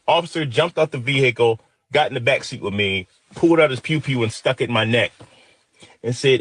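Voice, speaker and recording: A man's voice: medium pitch, animated, normal speed, bright, forceful tone, slightly rough, no echo. A man in his fifties from Detroit telling a personal story with intense, emotional, vivid retelling. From Detroit, USA.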